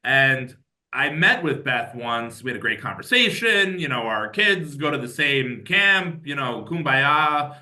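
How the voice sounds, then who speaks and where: A man voicing a puzzled male loan officer with an exaggerated Long Island accent, in a drawn-out storytelling delivery. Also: medium pitch, very animated, pushed and bright, heavily acted.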